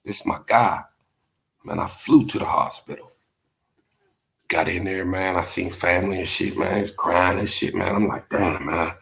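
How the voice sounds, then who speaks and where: A man's voice: low voice, steady tone, normal speed, vocal fry, a bit bright. A man hosting a livestream, chatting casually, telling stories and reading comments, laid-back and profane with lots of filler words. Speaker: livestream host.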